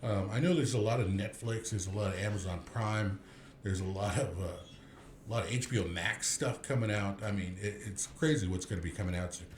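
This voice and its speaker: A man's voice: fairly low pitch, brisk, reverberant, slight background noise. A man in his thirties hosting a movie review podcast, rambling casually with many restarts and fillers.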